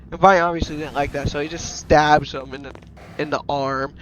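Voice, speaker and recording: A man narrating an improvised toy story in a rambling, excited way, restarting sentences and jumping into silly voices. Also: fairly high pitch, fairly quick. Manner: breaks into loud silly character voices. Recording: noisy home recording with clicks.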